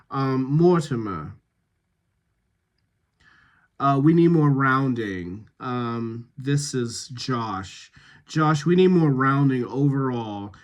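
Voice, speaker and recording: A male dialect coach with a medium-pitched voice reads rehearsal notes to a cast, slow and measured, pausing frequently.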